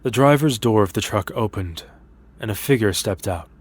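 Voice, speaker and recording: Low-voiced male horror story narrator. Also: normal speed, husky.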